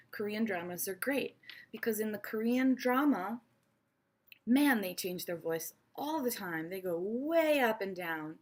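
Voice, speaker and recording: A woman teaches an online English lesson in an expressive, playful manner. Her voice sits at a middling pitch, and she speaks straight to her viewers as if they were her own students.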